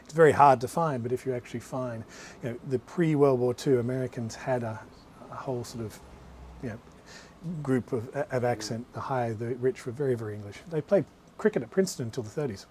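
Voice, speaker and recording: Fast-talking male author, rambling asides. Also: medium pitch, darkish tone, slight background noise. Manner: rambling, anecdotal, many restarts and asides. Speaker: author presenting his books. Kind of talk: live talk to a small audience. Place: bookshop.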